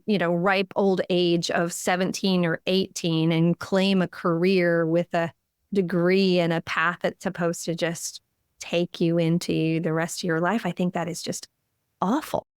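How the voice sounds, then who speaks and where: Encouraging woman host, smooth and low. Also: no echo, studio quality. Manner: encouraging, emphatic and upbeat. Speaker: podcast host. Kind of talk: casual podcast interview.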